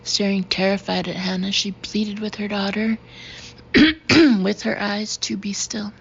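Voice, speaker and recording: Female audiobook narrator, steady and flat, gravelly; dull recording. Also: mid-range voice, unhurried. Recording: dull, slightly noisy recording.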